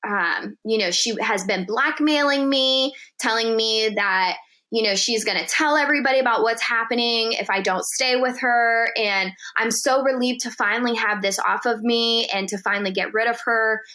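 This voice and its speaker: A woman guest on a podcast telling a story in casual chat, animated and profane, acting out the quotes in dialogue. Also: a little high, moderate pace.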